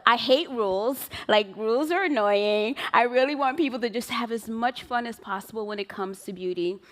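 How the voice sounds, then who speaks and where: A woman's voice: a little high, moderate pace, a bit bright. A woman presenting her beauty brand on stage at a live event, gushing and giggly, talking to the crowd. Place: large event room with live audience.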